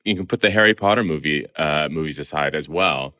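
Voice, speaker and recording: A man's voice: extremely low pitch, a little fast, sharp tone. A man from Southern California, a guest film columnist giving articulate, opinionated answers in a podcast interview. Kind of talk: conversational interview.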